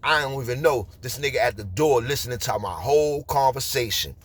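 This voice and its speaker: A man in his forties with a New York accent, telling street stories in a casual, animated way. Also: mid-range voice, fairly quick, breathy edge, dry recording. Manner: streetwise, animated, repeats "you heard?". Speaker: storyteller. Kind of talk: casual storytelling.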